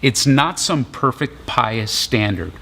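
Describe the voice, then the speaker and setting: A male pastor giving a sermon, retelling scripture in relaxed, casual storytelling. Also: mid-range voice, slow.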